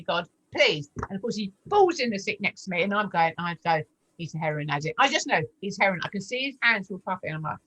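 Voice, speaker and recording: An animated woman in her forties tells her story and acts out every voice in it, leaping up high for the quoted lines. Her voice sits at an ordinary middle pitch, and she speaks in casual testimony style. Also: poor audio. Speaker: guest sharing testimony.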